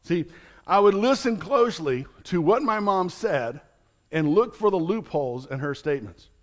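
A man's voice: high-pitched, animated, moderate pace. A man, a pastor, preaching a sermon in an earnest, explanatory teaching manner with light chuckles.

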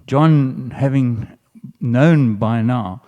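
A man's voice: medium pitch, very slow, mellow, highs cut off. A man preaching a sermon in an earnest way, often restarting phrases and lifting his voice for emphatic quoted lines. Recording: long hall reverb.

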